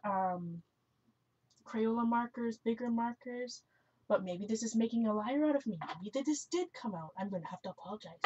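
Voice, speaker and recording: A woman with a slightly raised pitch hosts a live craft stream, chatting freely, correcting herself as she goes and breaking into laughter. She answers viewers' comments aloud. The sound is muffled and lo-fi. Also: warm tone. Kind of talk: casual chat while crafting. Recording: dull lo-fi recording.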